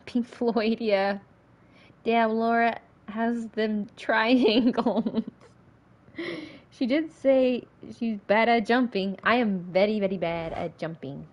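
A woman livestreams a game with excitable, casual commentary, her slightly high voice moving slowly. She swears often and breaks into laughter and panicky outbursts, and the audio sounds dull.

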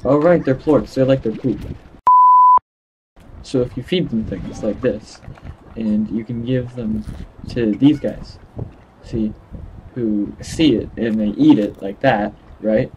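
Young male gaming host, giggly and stammering, unhurried delivery, light background noise. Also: mid-range voice, dark tone, rough recording. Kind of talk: casual gameplay commentary.

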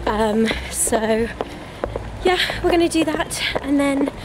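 A woman's voice: high voice, animated, slow pace, noisy background. A woman, ill and out of breath, chatting casually to camera as a vlog host with plenty of fillers. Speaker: vlogger host. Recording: loud music behind.

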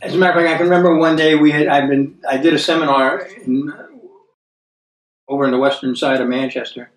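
Recorded from a distance in an echoey room with soft music behind him, an American Bible teacher keeps a relaxed, conversational tone. His slightly high voice slows for scripture readings, and he checks in with listeners using "okay?" and "right?"

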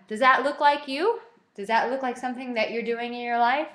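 A young woman giving a motivational self-help talk, animated and acting out little dialogues as she goes. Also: a little high, brisk, roomy sound. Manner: animated, acts out quoted dialogue.

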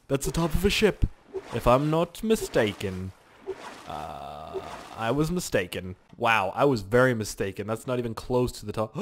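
A man's voice: medium pitch, lively intonation, normal speed, slight background noise. A young man commentating a survival game, rambling, joking and talking to himself. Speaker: gaming channel host. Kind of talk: let's play game commentary.

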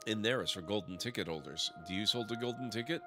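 A man reading the lines of a grumpy, rude male motel clerk in a game, with a gruff, insulting manner. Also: lowish voice, fast, lightly acted. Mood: surly. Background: music.

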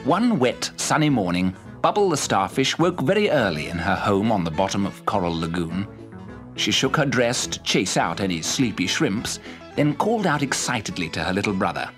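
A man narrating a children's story in a lively, expressive manner. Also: fairly low pitch, moderate pace, soft background music.

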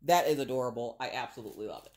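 A woman's voice: a bass voice, racing, darkish tone, a little hiss or hum. A woman vlogger, chatting casually and expressively to viewers while unboxing craft kits.

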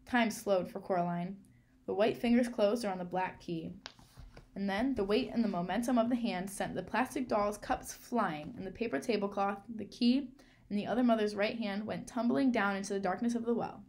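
A woman reading a children's novel aloud in a clear, measured storytelling manner. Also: mid-range voice, darkish tone. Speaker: reader.

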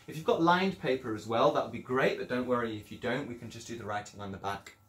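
A man's voice: mid-range voice, fast, fairly bright tone, echoey room. A man teaching children an English lesson in a chatty, encouraging way, explaining things step by step. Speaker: primary school teacher.

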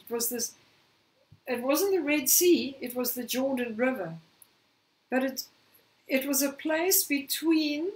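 A woman preaching a sermon, slightly hoarse, telling a scripture story and acting out the quoted lines. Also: high voice, recorded from a distance, low-quality recording. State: slightly hoarse, clearing throat.

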